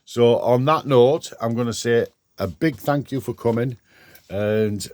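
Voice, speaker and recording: A man's voice: medium pitch, unhurried, a little mellow. An older man vlogging from his garden shed workshop, rambling chattily with restarts as he talks to camera. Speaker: DIY vlogger. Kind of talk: casual vlog.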